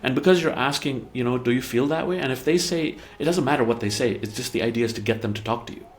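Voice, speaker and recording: A man's voice: medium pitch, quick pace. A man explaining relationship communication in a conversational way, often stumbling over repeated words and acting out example dialogue. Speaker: therapy practice head explaining relationships.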